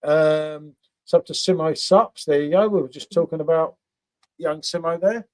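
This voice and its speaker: A man's voice: on the high side, moderate pace. A man hosting a casual beer review livestream, chatting with viewers by name and tagging questions onto his sentences. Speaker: beer review channel host.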